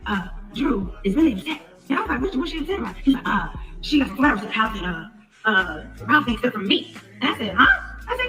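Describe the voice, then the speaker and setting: High lively fast-talking woman. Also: soft background music, rough recording. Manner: animated, acts out quoted dialogue. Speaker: podcast host. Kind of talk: casual storytelling rant.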